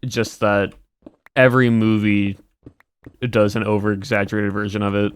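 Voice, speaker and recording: A man with a somewhat low voice chats casually on a live stream. He rambles a little and restarts his sentences as he responds to viewers. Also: little pitch movement, normal speed, clean tone. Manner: chatty and rambling. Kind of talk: casual stream chat, answering chat.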